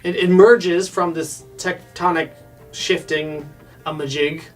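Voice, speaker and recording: A man's voice: on the high side, steady tone, takes it slowly, far from the mic, faint music behind. Man recapping cartoon episodes jokingly. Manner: jokey, does silly character voices while retelling. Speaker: podcast co-host reviewing a cartoon. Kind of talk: casual comedic recap chat.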